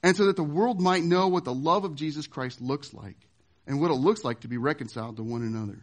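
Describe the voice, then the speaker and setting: A man preaching a sermon as pastor, emphatic, swinging from loud to hushed. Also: fairly high pitch, brisk.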